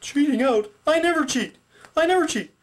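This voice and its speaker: A man's voice: very high-pitched, animated, normal speed. A man voicing a dim, innocent boy puppet who asks confused, naive questions in a puppet skit. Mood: puzzled.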